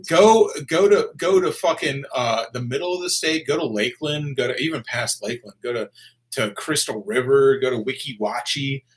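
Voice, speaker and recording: A man's voice: medium pitch, moderate pace. A man with a Southern American accent, hosting a casual chat, reading viewer comments and joking with lots of profanity. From Florida.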